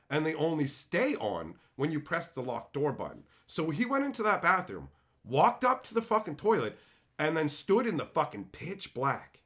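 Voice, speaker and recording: A man hosting a live stream, telling a story to his chat in a profane, exasperated, animated way and reading out viewer comments. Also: fairly high pitch. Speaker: livestream host.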